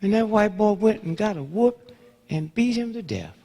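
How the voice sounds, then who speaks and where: A man in his seventies giving a fiery lecture full of storytelling, swinging between hushed murmurs and loud outbursts, with rhythmic call-outs to the audience. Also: high-pitched, expressive, normal speed, creaky. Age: 70s. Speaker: speaker addressing an audience. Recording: long reverb of a large hall.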